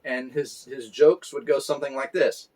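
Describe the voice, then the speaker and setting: A man's voice: medium pitch, fairly even intonation, normal speed, a little mellow. Reflective man in his forties preaching. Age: 40s. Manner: reflective and conversational, with fillers. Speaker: pastor. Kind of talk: story sermon.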